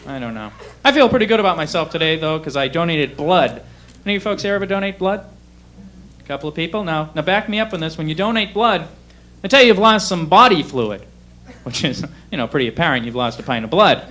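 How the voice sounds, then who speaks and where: Male stand-up comic, high voice, sarcastic, old cable club taping. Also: expressive, fast talker, a bit bright, a little hiss or hum. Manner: wry, sarcastic, slips into mock voices. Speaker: stand-up comedian. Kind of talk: stand-up comedy set. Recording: 1980s cable TV club recording.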